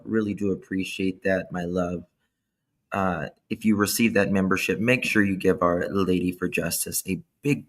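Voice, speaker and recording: A tired man hosting a casual live stream from indoors, warmly thanking chat viewers through his laptop microphone. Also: low-pitched. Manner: warm, effusive thanks to chat members. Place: indoors at home. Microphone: laptop camera mic.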